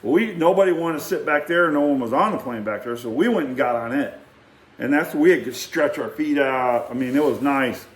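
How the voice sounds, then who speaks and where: A middle-aged man telling a rambling, animated story in a casual way and acting out quotes. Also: mid-range voice, a little fast, reverberant. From Texas. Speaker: vlogger.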